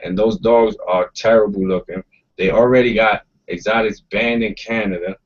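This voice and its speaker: A man with a fairly low voice hosts a casual roundtable podcast at a moderate pace and with fairly even intonation. He's blunt and emphatic and swears freely; the recording is dull and lo-fi.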